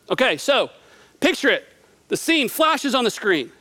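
High-voiced man telling a Bible story. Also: big pitch swings, normal speed, a bit bright. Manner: storytelling, vivid, acts out quotes; conversational, asks the listener questions. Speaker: preacher. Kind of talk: Bible teaching sermon.

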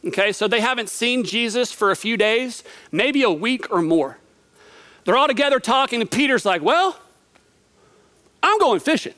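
A man's voice: very high voice, normal speed, bright, forceful tone. A man preaching a sermon, retelling a Bible story vividly and conversationally, asking the listener questions. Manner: storytelling, vivid, acts out quotes.

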